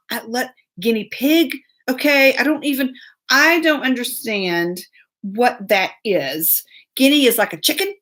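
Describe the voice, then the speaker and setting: A woman's voice: fairly high pitch, fairly bright tone. A woman hosting a live show, telling a long story in a chatty, laughing way and greeting commenters as she goes. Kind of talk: casual storytelling live stream.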